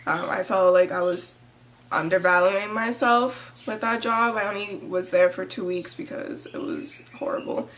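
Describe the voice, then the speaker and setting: Woman, 20s, confessional vlog delivery: halting, emotional, close to tears, lots of fillers. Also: fairly low pitch, fairly even intonation, a bit bright. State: tearful. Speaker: vlogger.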